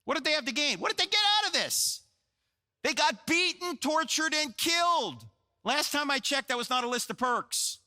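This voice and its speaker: A man's voice: extremely high pitch, animated, moderate pace, sharp tone. A man in his sixties from New Jersey, giving a joking, storytelling apologetics talk to a live audience and putting questions to them. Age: 60s. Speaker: Christian apologetics speaker.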